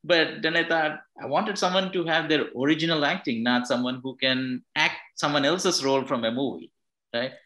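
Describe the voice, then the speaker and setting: A man's voice: fairly high pitch, normal speed, bright, forceful tone, rough recording. A man, a film director giving a thoughtful interview answer and restarting his phrases as he explains. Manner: thoughtful, repeats words and restarts while explaining.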